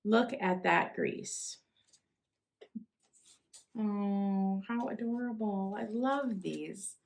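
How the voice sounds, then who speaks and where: A young woman with a lilt speaks at an unhurried pace in a middle pitch. She chats casually while unboxing, gushing with excited exclamations. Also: creaky. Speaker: vlogger.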